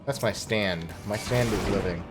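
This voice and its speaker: A man's voice: on the low side, normal speed. A man streaming a game, chatting casually with joking, profane asides, with faint game music behind. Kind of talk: casual gameplay commentary.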